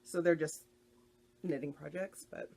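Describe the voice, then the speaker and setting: With a low, mellow voice that's slightly rough, steady and unhurried with vocal fry, an American woman chats easily on her knitting podcast. Her casual talk is laid-back and sprinkled with fillers.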